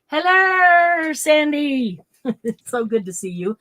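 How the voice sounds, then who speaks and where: A woman hosting a craft livestream in casual chat, bubbly and quick to laugh, greeting viewers by name. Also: high-pitched, very animated, fairly bright tone. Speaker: craft show host.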